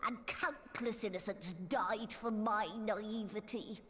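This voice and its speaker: A woman's voice: mid-range voice, fairly even intonation, slow pace, a bit bright. A woman voicing a reclusive, guilt-ridden magical creature in a game cutscene, with dramatic archaic speech. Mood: torn. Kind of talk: video game cutscene voice acting.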